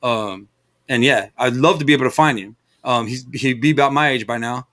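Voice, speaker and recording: A man's voice: medium pitch, brisk, a bit bright. A middle-aged man from the Los Angeles area telling a long story in casual chat, rambling and profane, with lots of fillers. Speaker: stream host.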